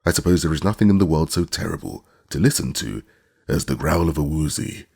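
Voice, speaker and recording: A boastful, good-natured beast brags about itself in a rough, gravelly voice, as a man voices it for an audiobook. The tone sits low and husky and swings widely as he boasts. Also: animated, brisk, a little mellow, full character voice. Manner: proud, self-important bragging. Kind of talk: audiobook character reading.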